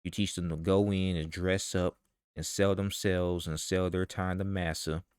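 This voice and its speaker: A man's voice: sits low, little pitch movement, normal speed, darkish tone, clean tone, dry recording, studio quality. A man in a vlog ranting heatedly with profanity and rhetorical questions. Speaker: vlogger. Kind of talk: ranting commentary.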